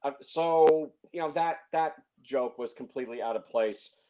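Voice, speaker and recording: A man's voice: medium pitch, moderate pace, dark tone. A man reviewing films in casual chat, opinionated, stumbling over restarts and fillers. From San Francisco Bay Area. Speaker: film reviewer.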